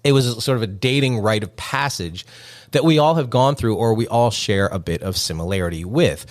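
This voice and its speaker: A man's voice: lowish voice, lively intonation, brisk. A man hosting a podcast, talking alone in a joking, conversational way and chuckling at his own lines. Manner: joking, conversational, self-amused. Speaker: podcast host. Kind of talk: solo podcast monologue.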